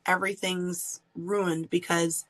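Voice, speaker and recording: A woman hosting a podcast, candidly telling a personal story in an animated way and laughing often. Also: fairly low pitch, takes it slowly, poor audio. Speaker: podcast host.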